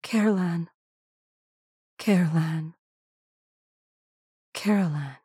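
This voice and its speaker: Lady doing a soft sad dad voice, hushed and slow, storybook. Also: mid-range voice, slightly rough, dry recording, studio quality. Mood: hushed grief. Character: quiet grieving father of a boy.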